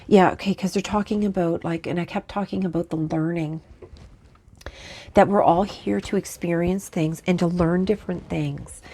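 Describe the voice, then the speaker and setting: A woman channeling spirits in a rambling, halting monologue, often breaking off to talk back to unseen voices. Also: lowish voice, steady tone, dark tone, breathy edge. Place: lives in Canada.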